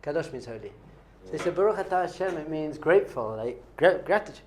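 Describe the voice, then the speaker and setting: Animated rabbi teaching a class. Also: male voice, a little high, brisk, slight background noise. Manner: animated, playful, quizzing the audience. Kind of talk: lively classroom teaching with questions to students.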